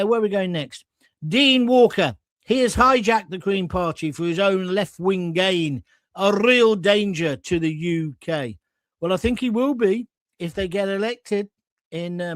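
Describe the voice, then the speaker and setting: A middle-aged man hosts a live stream, reading viewer comments and answering them in a blunt, sardonic way. His voice sits fairly high for a man. It is recorded close and dry, with no room sound. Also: dry recording. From England. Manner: blunt, sardonic, rambling asides. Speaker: host of a live political chat show.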